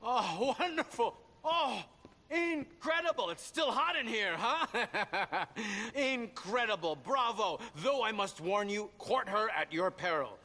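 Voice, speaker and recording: A man's voice: high voice, expressive, slow pace, sharp tone, big-room sound, heavily acted. An actor playing a theatrical old-time male stage announcer, with a grand, showy manner, in game dialogue.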